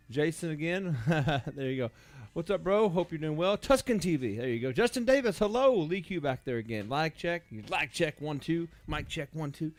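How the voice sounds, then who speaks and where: Chatty upbeat toy store livestream host. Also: male voice, fairly high pitch, dry recording. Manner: upbeat, chatty, greets viewers by name. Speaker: toy store owner hosting a live sale. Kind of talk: casual livestream chat.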